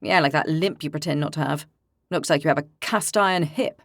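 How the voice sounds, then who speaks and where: A woman's voice: deep voice, a little fast, vocal fry, no echo, clean studio sound, voice pushed down. A woman voicing a brash, boastful young male warrior with cocky, mocking banter.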